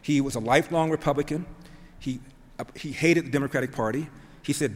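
A man with a medium-pitched voice talks a little fast as he tells a family story with emphasis, performing the voices of the people he quotes. A long hall reverb surrounds the recording.

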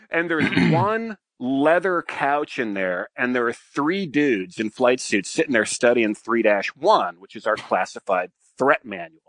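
Middle-aged man, podcast guest, lively bright voice, dry close mic, crude animated storyteller. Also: medium pitch, dry recording. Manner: animated, crude, frequent "right?" tags. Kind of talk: casual storytelling.

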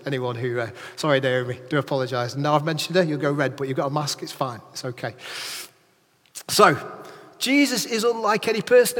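A man preaching a lively sermon in a church, chatting with and questioning his congregation. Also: fairly high pitch, long reverb tail. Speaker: pastor.

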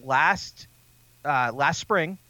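Podcast co-host, male, slightly high voice, dry close mic; animated, rambling storyteller. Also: very slow, no echo. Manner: rambling, animated anecdote-telling with laughter. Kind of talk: casual chat.

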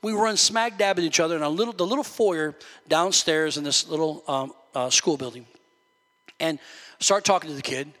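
A man preaching to his church, storytelling that swells into loud, fervent preaching. His voice sits high and sounds bright and sharp. The sound carries a long reverb from the sanctuary. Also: moderate pace. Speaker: pastor. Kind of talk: sermon.

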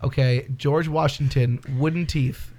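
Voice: medium pitch, steady tone, a little slow, darkish tone. A podcast co-host in casual comedy chat, riffing and jokingly repeating phrases.

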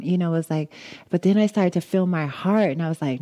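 Woman, dharma talk, lively storyteller, low pitch, mellow warm tone. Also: moderate pace. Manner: animated storytelling, acts out her own thoughts with laughs. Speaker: meditation teacher.

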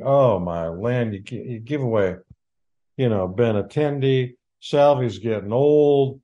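A man's voice: mid-range voice, dark tone. A man hosting his own show, delivering a rambling, sarcastic rant as sports commentary. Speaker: podcast host.

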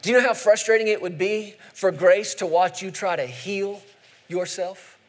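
Emphatic high-voiced male pastor. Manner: emphatic, asks the audience questions, slows down for scripture. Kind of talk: sermon.

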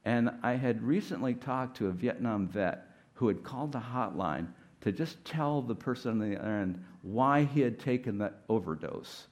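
A man's voice: mid-range voice, expressive, moderate pace, hardly any pauses, darkish tone. A middle-aged man giving a conversational sermon as a guest speaker, candid and self-deprecating, with many "like" fillers.

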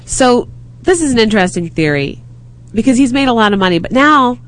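A woman's voice: a little high, lively intonation, a little fast. A young woman co-hosting a podcast, chatting through a news story with dry quips. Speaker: podcast co-host. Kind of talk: casual news chat.

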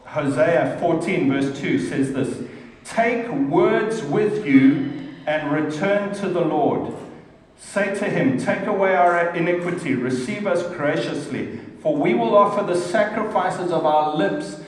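A man's voice: on the high side, slow pace. A middle-aged man preaching earnestly and emphatically, recorded from far off in a hall. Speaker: pastor. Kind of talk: sermon. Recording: echoey hall from far off, faint noise.

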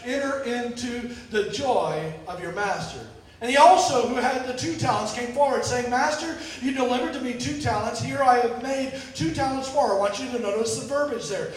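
A man preaching a sermon, telling stories and moving between sudden shouts and quiet drops, often repeating words as he restarts. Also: very high-pitched, normal speed, hardly any pauses. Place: church. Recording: echoey hall from far off.

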